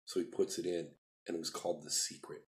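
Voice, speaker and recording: A man telling his life story on a live video stream, rambling and repeating himself, acting out quoted dialogue, pushing some words hard and rushing others. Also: sits low, flat delivery, a bit bright.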